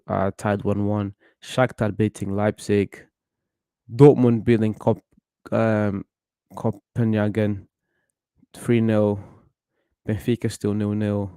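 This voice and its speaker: Guy chatting thru a football match, mellow low voice, opinionated, lots of restarts. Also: vocal fry, no room sound. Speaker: football watchalong host. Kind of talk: casual live match commentary.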